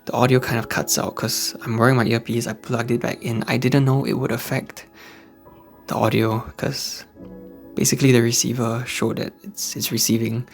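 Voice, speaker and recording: A man from Singapore with a Singaporean English accent, hosting a casual motivational vlog from home late at night and talking softly in a hushed indoor voice. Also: medium pitch, little pitch movement, moderate pace, gravelly. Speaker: host of a faith-based channel for men. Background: faint background music.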